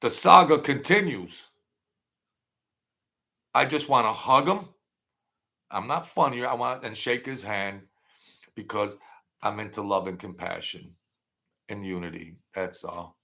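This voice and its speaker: A man's voice: fairly low pitch, measured pace, vocal fry, pauses often, bright, forceful tone. A man hosting a casual livestream, rambling and thanking viewers by name as he reads their comments. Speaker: channel host.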